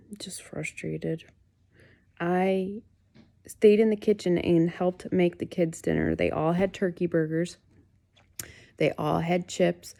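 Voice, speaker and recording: A woman's voice: fairly low pitch, vocal fry, warm tone. A woman in her late thirties talking candidly in a casual home vlog, venting her frustration. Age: late 30s. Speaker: fasting vlogger. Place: at home, in bed.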